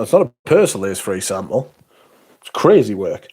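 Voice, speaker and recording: A man's voice: on the low side, sing-song, normal speed, a little mellow, husky. A man hosting a livestream, chatting casually as he reads viewer comments aloud in a blunt, profane, sarcastic way. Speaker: livestream host.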